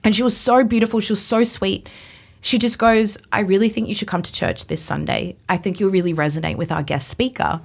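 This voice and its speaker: A woman in her twenties, a podcast guest, telling her personal testimony in an animated way, acting out her past thoughts. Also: mid-range voice, brisk, vocal fry. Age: 20s.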